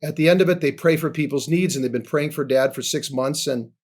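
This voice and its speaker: An older man in his sixties with a slightly higher voice than most men, telling his life story as a podcast guest. He talks earnestly and often sinks into a soft, low murmur. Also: a little fast. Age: 60s. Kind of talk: personal testimony in a podcast interview.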